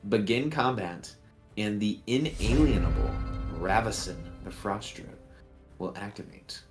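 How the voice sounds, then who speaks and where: Game master, male, deep voice, casual halting delivery, faint background music. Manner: relaxed, halting narration with many fillers. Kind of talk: narrating a tabletop game.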